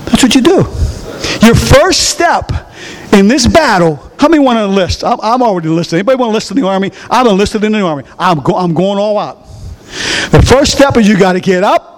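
A male preacher with a strikingly high voice that leaps up and down in pitch. He delivers a lively sermon, throwing fill-in-the-blank questions at the congregation and bursting into shouts now and then. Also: quick pace.

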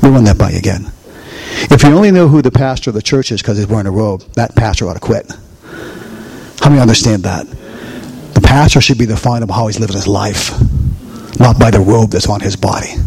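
A man preaching a chatty, conversational sermon as pastor in a church, swinging into high voices for quotes and asides. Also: brisk, vocal fry. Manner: animated, chatty, jumps to high voice for quotes and jokes. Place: church sanctuary.

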